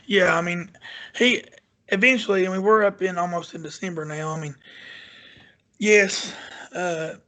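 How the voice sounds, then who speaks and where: A man with a high voice speaks emphatically in casual podcast chat. He repeats his points and pushes them insistently. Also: moderate pace, long pauses, pushed and bright. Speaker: podcast co-host.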